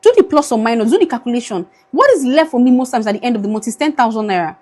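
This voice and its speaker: A woman's voice: fairly high pitch, animated, racing, a little mellow. A young Nigerian woman with a Nigerian accent, pleading wearily into her phone camera in an emotional vlog, slipping into Pidgin now and then. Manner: pleading, weary, switches into Pidgin. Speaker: vlogger.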